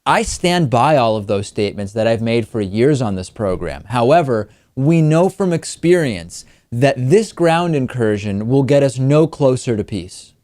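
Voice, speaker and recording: A man's voice: medium pitch, animated, darkish tone, dry recording, clean studio sound. A man hosting a political talk show, giving emphatic, argumentative news commentary. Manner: emphatic, argumentative, quickens when pressing a point.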